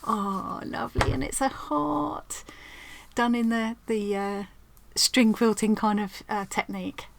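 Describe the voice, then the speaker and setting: A woman's voice: fairly high pitch, fairly even intonation, a little slow, vocal fry, a little hiss or hum. Lady vlogging crafts from home, gushing, rambly, keeps restarting mid-sentence. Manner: rambling and effusive, with many restarts. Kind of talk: casual chat while opening post.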